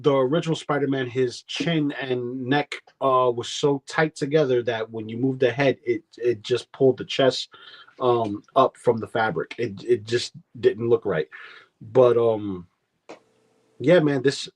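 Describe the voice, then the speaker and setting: A man with a New York accent talks figures with friends over a video call. His voice sits at a plain middle pitch. He rambles a bit, filling gaps with "uh" and "you know". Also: unhurried. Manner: explains in detail with many fillers. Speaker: panelist on a collecting podcast. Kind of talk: casual chat.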